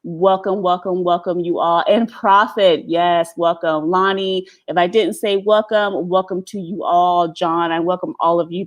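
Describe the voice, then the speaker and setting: A middle-aged woman hosting a casual live stream, blunt and animated, laughing often as she chats. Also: lowish voice.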